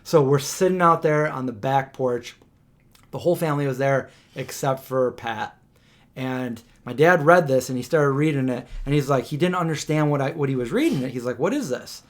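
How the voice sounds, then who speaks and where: A man hosting a live question-and-answer stream, telling a family story in an animated, conversational way with frequent restarts and fillers. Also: normal speed. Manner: animated storyteller, acts out quotes with raised pitch.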